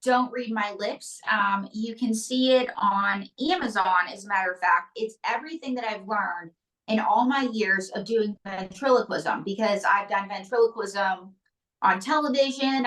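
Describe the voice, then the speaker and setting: A woman ventriloquist as an interview guest, telling quick, jokey stories. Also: medium pitch, a bit bright, distant mic, low-quality recording. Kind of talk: comedic interview chat.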